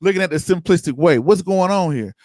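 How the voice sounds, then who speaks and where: A man's voice: high-pitched, animated, a little fast, a little mellow, dry recording. A man hosting an investing livestream, chatting loosely and answering viewers' comments by name. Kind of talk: casual livestream commentary reading chat.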